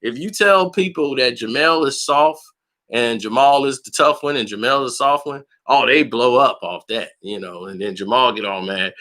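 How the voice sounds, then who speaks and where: At a moderate pace and medium pitch, a boxing channel host delivers a casual storytelling monologue that's blunt, slangy and combative. He gets animated, voicing other people's lines loudly.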